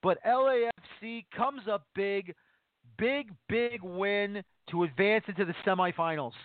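High-voiced excited man on a phone line. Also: a little slow. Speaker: podcast host. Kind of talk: sports talk radio show. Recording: tinny phone-line sound.

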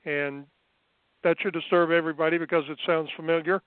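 A man as an interview guest, recounting his past in an unhurried, measured way with frequent fillers, heard over a phone line. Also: fairly high pitch, level tone, clear, resonant tone, no echo. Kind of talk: remote interview, recounting experiences.

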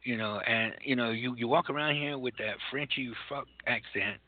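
A man's voice: mid-range voice, normal speed. Stammering, exasperated man on a phone line. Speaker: radio show co-host. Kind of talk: comedic mock interview. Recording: tinny phone-like lo-fi recording.

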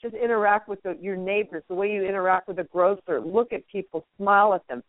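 A woman's voice: mid-range voice, a little fast. A woman speaking as a guest radio host, effusive and encouraging in a spiritual, uplifting way. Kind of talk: inspirational phone interview. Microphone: phone. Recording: tinny phone line.

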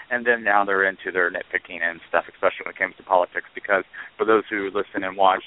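A man hosting a casual chat show, rambling with many fillers and restarts. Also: lowish voice. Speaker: podcast host. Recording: tinny phone-line sound.

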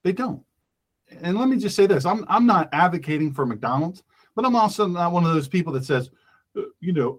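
A man's voice: high-pitched, lively intonation, a little fast. A man hosting a radio call-in show, ranting emphatically and repeating his points. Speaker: talk radio host. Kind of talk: opinionated radio monologue.

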